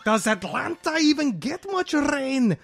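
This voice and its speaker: A man putting on a shrill mock-Scottish fan. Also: big pitch swings, measured pace, vocal fry, fairly bright tone, slight background noise, heavily acted. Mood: excited. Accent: put-on Scottish. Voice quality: exaggerated, high-pitched. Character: Scottish male commenter, excitable fan.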